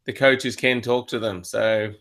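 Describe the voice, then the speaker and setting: A man's voice: on the low side, measured pace. An Australian man hosting a show, chatting casually and reading out listener questions. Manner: relaxed, reads listener questions. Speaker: show host. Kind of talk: casual chat.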